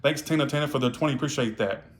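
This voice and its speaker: A man's voice: mid-range voice, rapid-fire. Blunt, profane male tarot reader. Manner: casual, repeats "all right?". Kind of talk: live-stream tarot reading.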